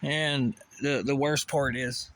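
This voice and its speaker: A man's voice: mid-range voice, steady tone, slow pace, a bit bright, a little hiss or hum. A man ranting to camera in a heated way, swearing often and firing off rhetorical questions. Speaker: vlogger. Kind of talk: profane conspiracy rant to camera.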